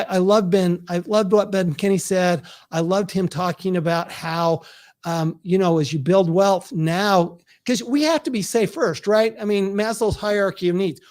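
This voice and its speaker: High-voiced man hosting a launch. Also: a little mellow. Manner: earnest, responds to viewer comments. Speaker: author hosting his book launch. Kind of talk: live online launch talk. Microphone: video call setup.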